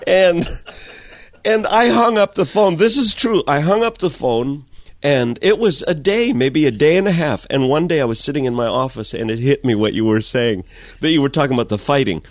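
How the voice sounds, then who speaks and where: A man, a guest in an interview, telling comic stories in an animated way, going from loud to hushed. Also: on the high side, moderate pace, no echo. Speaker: guest, comedic storyteller. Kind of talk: casual interview chat.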